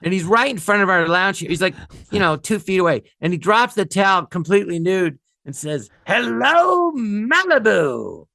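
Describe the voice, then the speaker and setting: A man's voice: sits high, fairly quick, pushed and bright, no room sound, clean studio sound. A man telling rambling, funny anecdotes as a guest, often laughing at his own stories. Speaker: guest storyteller.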